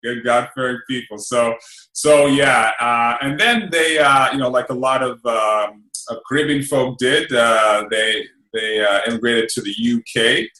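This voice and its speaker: Bright-voiced man in an echoey studio. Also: medium pitch, a little slow. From England. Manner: relaxed, rambling with fillers and "right?". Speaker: radio host guest. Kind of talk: casual interview.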